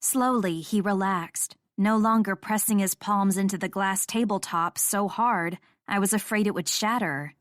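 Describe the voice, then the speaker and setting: Brief: female romance audiobook narrator, middle pitch, dry studio sound. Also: measured pace, hardly any pauses, no echo.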